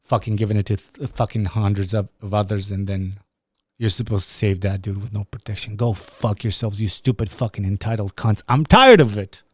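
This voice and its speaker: A podcast host from Romania speaking English with a Romanian accent, ranting angrily with heavy swearing and frequent restarts. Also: male voice, lowish voice, flat delivery, fairly quick, dark tone, slightly rough, no echo. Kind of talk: angry profane monologue.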